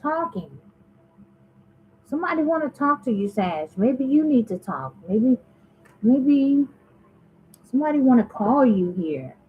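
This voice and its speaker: A woman's voice: high-pitched, sing-song, unhurried, long pauses, narrow, tinny audio, a little hiss or hum. A woman giving a casual tarot reading to her viewers, talking straight to them and musing aloud as she asks spirit questions. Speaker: tarot reader.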